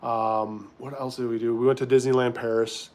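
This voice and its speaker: A man chatting on a live stream in a relaxed, offhand way. He reads viewer questions aloud and answers them straight away at a middling pitch. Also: normal speed. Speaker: livestreamer in recovery. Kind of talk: casual live-stream chat.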